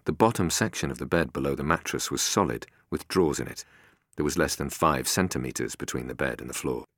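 A man narrating an audiobook in a measured, expressive way. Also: extremely low pitch, no room sound, studio quality. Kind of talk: scripted narration.

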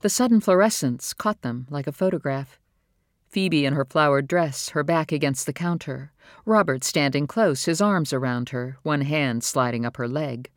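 Calm, measured audiobook narrator. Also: medium pitch, dry recording, clean studio sound.

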